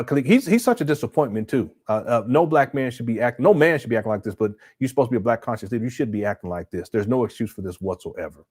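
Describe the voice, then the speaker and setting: A man's voice: medium pitch, a little mellow. Chatty man hosting a live stream. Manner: talks off the cuff, stammers and repeats words; reads viewer comments aloud and reacts. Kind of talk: casual live stream commentary. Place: home setup.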